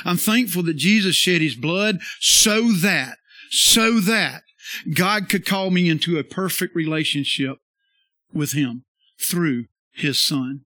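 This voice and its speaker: A man preaching a sermon as pastor, folksy and conversational, repeating phrases and rising to emphatic loud bursts. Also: sits high, dry recording.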